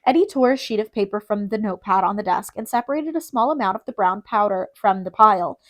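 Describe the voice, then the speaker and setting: A woman reading an audiobook in a steady, measured narration. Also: mid-range voice.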